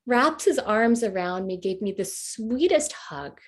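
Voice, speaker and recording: A woman's voice: mid-range voice, animated. Heartfelt woman telling a story online. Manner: heartfelt, halting storytelling with fillers. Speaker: workshop presenter. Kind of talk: storytelling talk to an online group.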